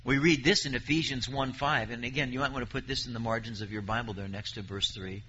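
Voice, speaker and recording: A man's voice: medium pitch, steady tone, fast, bright, forceful tone, lo-fi sound, a little hiss or hum. A man preaching a sermon, reading scripture aloud and pressing his points with emphasis.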